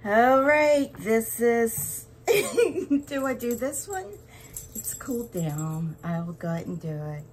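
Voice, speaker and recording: A woman chatting to her viewers as she works on a craft project, excitable and talkative. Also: on the high side, slow, slight background noise. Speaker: resin craft vlogger. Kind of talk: casual crafting vlog chat.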